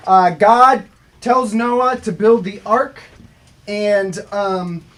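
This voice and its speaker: A man's voice: high voice, drawn-out words, fairly bright tone. A man teaching a youth group a casual Bible lesson, chatting with asides and questions to the group.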